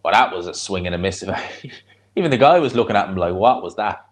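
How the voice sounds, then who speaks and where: A man's voice: sits low, expressive, fast talker. A man with a Dublin Irish accent giving casual live commentary on a fight and chatting with viewers in a blunt, rambling way. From Ireland. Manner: chatty, blunt, answers chat between fight reactions. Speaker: streamer hosting a live watch-along.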